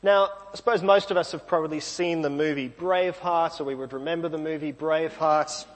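Male preacher, high-pitched, casual conversational sermon, echoey hall. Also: fairly even intonation, fairly quick. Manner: conversational, self-deprecating asides. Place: church.

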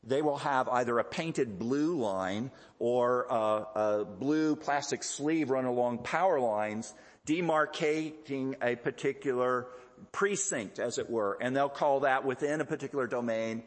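A man preaching a sermon in a measured, explanatory way, often pausing with fillers and repeated words. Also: medium pitch. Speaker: pastor. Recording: echoey hall.

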